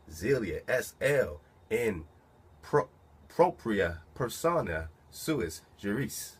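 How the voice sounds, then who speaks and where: A man with a low, husky voice reads a legal-sounding document slowly, then breaks off to comment on it. He talks casually and keeps asking rhetorical questions. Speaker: commentator reading a document aloud.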